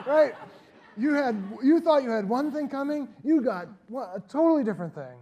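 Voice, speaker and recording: A man, an author and guest speaker, talking reflectively at a live public conversation and telling animated stories with frequent laughter. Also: very high-pitched, normal speed. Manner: reflective, animated storyteller who laughs often.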